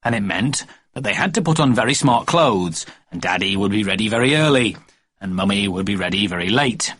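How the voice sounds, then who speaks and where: Expressive male storyteller. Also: fairly low pitch, a little fast, no echo. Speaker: audiobook narrator. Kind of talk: storybook narration.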